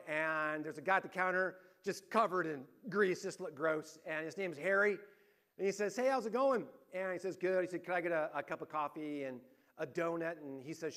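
A man with a notably high voice delivers a sermon. He tells a long story in a loose, conversational way and acts out the lines of the people in it. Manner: conversational, animated retelling with quoted voices. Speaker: pastor.

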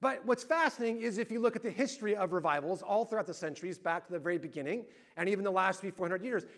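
A middle-aged man preaching a sermon, telling lively family stories and acting out the voices in them. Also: high voice. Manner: animated storyteller, acting out family arguments loudly. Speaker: pastor.

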